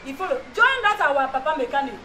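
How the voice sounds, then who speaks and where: An actress playing a quick-tempered young woman with a Nigerian accent who talks in an animated way. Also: sits high, music in the background. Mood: earnest. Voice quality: animated, laughing, switches between languages. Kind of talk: comic TV drama. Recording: distant mic with background noise.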